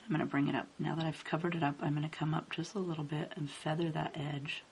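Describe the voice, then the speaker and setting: A woman with a low, slightly gravelly voice guides you through a coloring tutorial one stroke at a time. Her narration stays calm and unhurried. A faint hiss sits under the recording. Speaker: card-making instructor. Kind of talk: step-by-step coloring tutorial voice-over.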